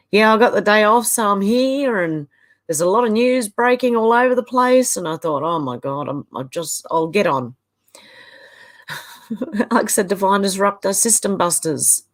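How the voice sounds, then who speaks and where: Hosting a relaxed live stream, a middle-aged Australian woman with a slightly high voice reads out viewer comments. Her chat is loose, dotted with exasperated asides.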